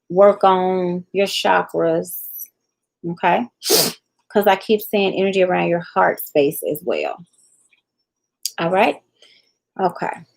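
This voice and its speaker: A woman's voice: lowish voice, gravelly, darkish tone, rough recording. A woman hosting a live tarot reading, chatting casually and speaking straight to viewers by name.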